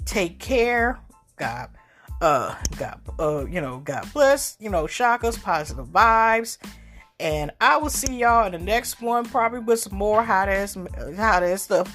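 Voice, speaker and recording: A woman's voice: medium pitch, lively intonation, moderate pace, fairly bright tone, faint music behind. A woman hosting a casual solo podcast, talking in a rambling, slangy way with many fillers and restarts. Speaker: podcast host.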